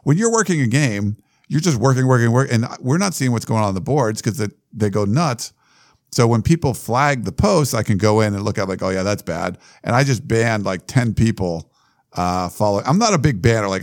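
Sports podcast co-host, man, lowish voice, dry close sound, easygoing banter. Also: expressive, fairly quick, no echo. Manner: loose, reads listener questions with asides. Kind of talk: casual sports chat.

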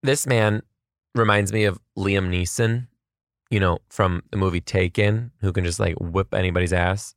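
A man who teaches kindergarten, telling comedic stories about his class with animated, self-mocking asides. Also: sits low, moderate pace, dry recording, clean studio sound. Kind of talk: comedic storytelling vlog.

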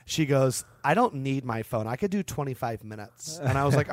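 A man's voice: medium pitch, moderate pace, dry recording, clean studio sound. A man in his early thirties co-hosting a podcast, chatting casually and acting out bits of dialogue in his stories. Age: 30s. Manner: animated storyteller, acts out dialogue. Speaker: podcast co-host. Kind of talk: casual chat.

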